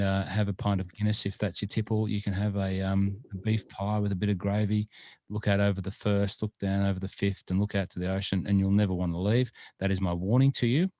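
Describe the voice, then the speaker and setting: A man's voice: low voice, a little mellow, dry recording, clean studio sound. A man co-hosting a golf podcast in casual chat, rambling with many fillers and restarts.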